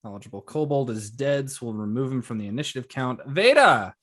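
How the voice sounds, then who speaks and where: A man narrating combat as game master of a tabletop game, pausing with frequent fillers. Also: medium pitch, a little mellow. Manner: halting, many uh fillers while narrating action.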